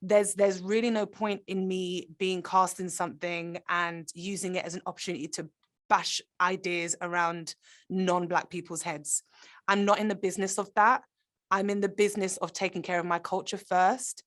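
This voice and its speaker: A woman's voice: on the low side, flat delivery, normal speed, fairly bright tone. A woman, an actor, talking in a conversational interview, earnest and reflective, often restarting her sentences. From Britain.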